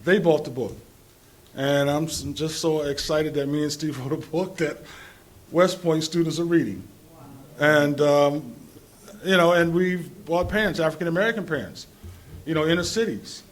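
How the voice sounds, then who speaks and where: A man speaks on a conference panel with a fairly high voice. He talks informally and rambles, often restarting his sentences and chuckling between them. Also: normal speed. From New Jersey. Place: conference hall.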